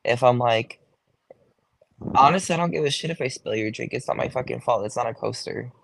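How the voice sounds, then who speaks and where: A man's voice: mid-range voice, fairly quick, gravelly, a bit bright, breathy edge, no room sound. A young man, a go-go dancer, talking casually in an interview, chatty, swearing freely and saying "like" a lot. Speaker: guest, go-go dancer.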